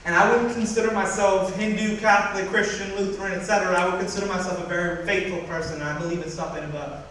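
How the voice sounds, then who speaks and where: A young man giving a personal story talk to an audience, animated and acting out what others said. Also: high-pitched, fast talker, slight background noise. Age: young adult. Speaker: student speaker. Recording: echoey hall from far off.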